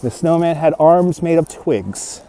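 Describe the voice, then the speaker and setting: Casual New male livestream host, slightly high and mellow, phone on gimbal, chatting with viewers. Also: expressive, unhurried. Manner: chatty, reads out and answers viewer comments, laughs often. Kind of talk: casual walking livestream chat. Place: outdoors in a snowy park at dusk. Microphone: phone on a handheld gimbal.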